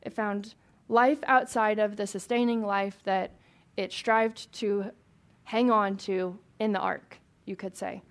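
A woman's voice: mid-range voice, fairly even intonation, slow. A woman leading a Bible study for a small group, reading scripture aloud and chatting with questions to the room.

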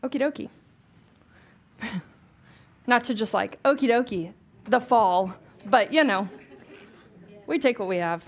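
A woman's voice: on the high side, lively intonation, unhurried, pauses often. A young woman leading a casual Bible study, talking informally, asking the group questions and laughing easily.

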